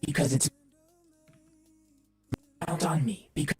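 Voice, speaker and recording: A woman voicing a glitchy male helper robot, eerily eager to help, in a breathy, broken game voice. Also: low voice, fairly even intonation, takes it slowly, darkish tone, echoey room, soft background music. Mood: eerie. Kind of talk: repeated game voice clip.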